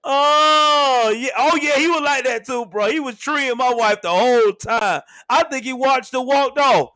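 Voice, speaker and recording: A young man hosting a livestream, telling a story in a casual, laughing, animated way. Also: very high voice, unhurried, no echo. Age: young adult. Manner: laughs often, animated, swears freely. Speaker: show host.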